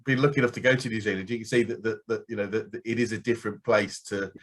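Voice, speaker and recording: A man hosting a business interview, talking quickly with a low voice. He stumbles and restarts often, padding with fillers as he goes. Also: steady tone. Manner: hesitant, many restarts and fillers. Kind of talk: casual interview chat.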